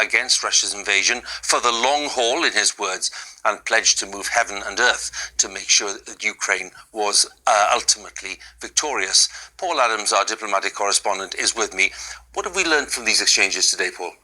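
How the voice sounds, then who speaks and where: A man's voice: on the low side, bright, forceful tone, low-quality recording. A male news anchor presenting formally, handing over to correspondents. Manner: formal, smooth hand-offs.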